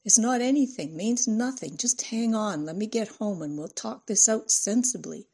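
A woman's voice: medium pitch, normal speed, creaky, warm tone, slightly rough, voice pushed up. A woman narrator voicing a mild husband who tries to soothe and reason. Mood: placating. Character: placating husband, mild and patient.

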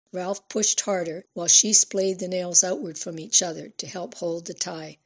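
A woman narrates a dramatic novel in a steady, even voice. Her pitch sits slightly low for a woman. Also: breathy edge. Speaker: audiobook narrator. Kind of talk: scripted narration.

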